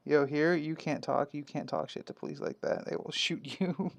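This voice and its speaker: A man's voice: fairly high pitch, fairly even intonation, moderate pace, vocal fry, a little hiss or hum. A man co-hosting a casual painting stream, trading dry, joking banter while he paints.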